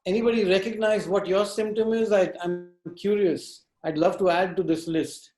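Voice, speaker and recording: A man leading an interactive workshop on conflict, talking in a direct, animated and teasing way. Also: high voice, normal speed, roomy sound, low-quality recording. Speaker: workshop trainer.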